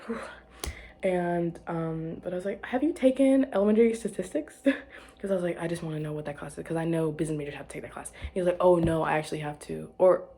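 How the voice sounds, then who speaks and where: Young woman, casual vlog chat; low-ish breathy voice, rambling and self-correcting. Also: mellow. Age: young adult. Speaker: vlogger.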